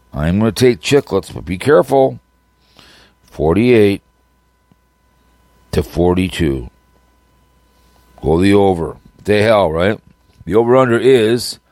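A man's voice: fairly low pitch, darkish tone, no echo. A man hosting a casual sports picks podcast, rambling and giving teams crude mocking nicknames while he laughs at his own jokes. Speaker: podcast host.

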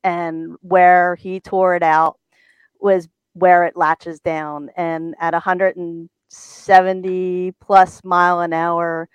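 A woman's voice: lowish voice, level tone, takes it slowly, smooth, dry recording. A woman on a talk show as a guest from a race team, telling a story and often stammering and repeating words.

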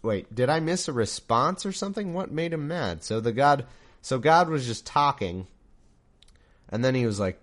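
A man reading scripture who keeps stopping for wry, disbelieving jokes. His pitch is lively and swings widely as he talks. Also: normal speed. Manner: wry, mock-incredulous asides. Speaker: scripture reader and commentator. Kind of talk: comedic Bible reading with commentary.

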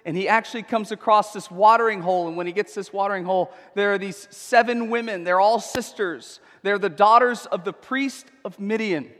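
A man preaching in a church with a high, bright voice and an emphatic, conversational delivery. He punctuates his points with quick check-ins to the crowd. His words trail off into a long hall reverb. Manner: conversational, emphatic, frequent tag questions. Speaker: pastor. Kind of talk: sermon.

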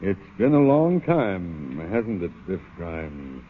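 An actor in a 1940s radio drama playing a sly, eager young sidekick. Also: male voice, a little high, big pitch swings, a little fast, slight background noise. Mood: taunting. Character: sly small-time man, eager sidekick. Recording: tinny old radio broadcast.

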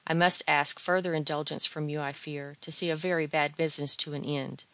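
Woman doing a fervent young man, pleading, earnest, low voice, dry sound, storybook. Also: fairly even intonation, a little fast, a bit bright, dry recording.

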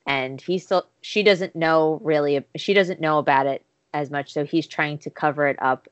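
A woman's voice: low-pitched, moderate pace, clear, resonant tone, dry recording, muffled recording. A woman casually recapping a show's episode, retelling scenes with quoted dialogue. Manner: animated storytelling, acting out quotes. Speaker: podcast co-host recapping a show. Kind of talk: casual chat.

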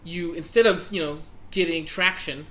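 A young man tells a chaotic story in relaxed podcast chat. His voice sits high and bright, and he acts out his past reactions with bursts of laughter. A faint hiss runs under the recording. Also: normal speed.

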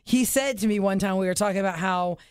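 A woman's voice: medium pitch, fast talker, clear, resonant tone, dry recording, studio quality. A woman in her thirties co-hosting a show, chatting casually and telling stories animatedly. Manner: animated storyteller who acts out quotes. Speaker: show co-host. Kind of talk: casual chat.

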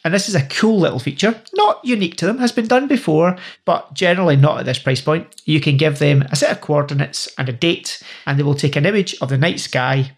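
Creaky, husky-voiced man hosting a podcast. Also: a little high, brisk, few pauses. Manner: enthusiastic, slightly rambling explainer. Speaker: podcast co-host. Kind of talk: casual chat.

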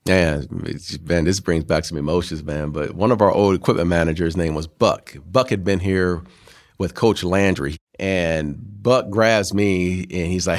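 Man, 50s, former athlete. Low-pitched, lively storyteller who voices the people in his stories. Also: moderate pace. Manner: animated storyteller who acts out quotes, peppered with "man". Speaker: former pro football player, guest. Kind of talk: storytelling interview.

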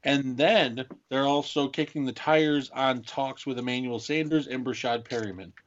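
A man's voice: medium pitch, normal speed, a little hiss or hum. A man co-hosting a casual sports podcast, rambling through football news and analysis. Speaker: podcast co-host. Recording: muffled lo-fi mic.

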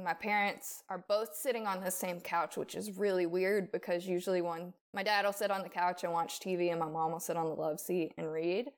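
Woman rambling through her own story on a podcast, kinda low voice, blunt and sweary. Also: clean tone. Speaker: podcast guest telling a personal story. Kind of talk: casual storytelling.

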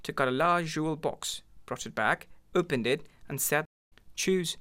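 A man narrating a classic short story aloud in a measured, expressive way. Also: on the high side.

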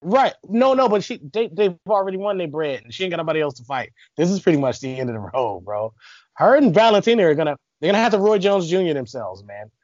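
A man's voice: sits high, very animated, fast talker, a little mellow, no room sound, lo-fi sound. A man hosting a casual sports podcast, brash and slangy, teasing his co-host and swearing freely.

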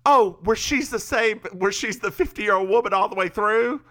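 A man's voice: high voice, moderate pace, bright, forceful tone. A man co-hosting a podcast in casual chat, playful and speaking straight to listeners. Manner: chatty, playful, addresses listeners directly. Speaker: podcast co-host.

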